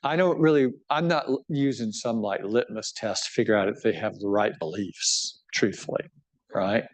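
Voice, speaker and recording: A man's voice: fairly low pitch, normal speed. A middle-aged man, a bishop, talking casually about his book to an audience, often restarting and checking in with "right?". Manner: conversational, animated, many restarts and "right?" tags. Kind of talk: book talk with audience questions.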